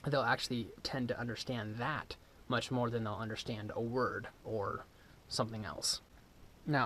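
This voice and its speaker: A man casually explaining dog training in a relaxed, rambling way, with many ums and restarts. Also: medium pitch, a little hiss or hum. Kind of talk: casual outdoor instruction. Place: outdoors with his dog.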